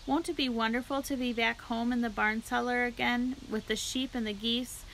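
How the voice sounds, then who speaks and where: Woman voicing a young storybook pig, earnest and pleading, high and bright. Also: flat delivery, moderate pace, slight background noise, poor audio. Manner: pleading, cries out often.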